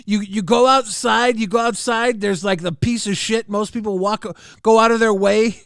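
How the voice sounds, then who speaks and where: A man's voice: high voice, fairly even intonation, normal speed, a bit bright, clean tone, dry recording, studio quality. A man co-hosting a casual livestream chat, laughing often, swearing and reading viewer messages aloud. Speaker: co-host.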